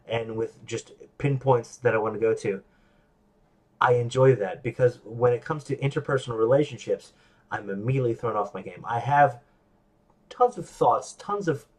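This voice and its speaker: Rambling, self-deprecating male podcast host. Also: mid-range voice. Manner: animated, acts out quoted voices. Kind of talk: casual solo monologue.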